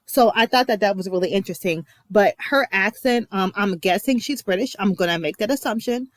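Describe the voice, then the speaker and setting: A young American woman vlogger reacts to a TV episode in a medium-pitched voice, talking fairly quickly with no room sound. Her commentary is chatty and emphatic, packed with fillers and asides, and she sounds emotional.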